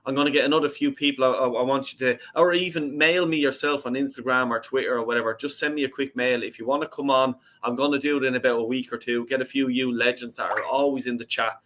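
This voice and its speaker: A man's voice: mid-range voice, fairly even intonation, fast, hardly any pauses, fairly bright tone, slight background noise. A young Irish man hosting a fan call-in live stream, chatting casually, reading out chat messages and swearing freely. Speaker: host of a fan call-in show.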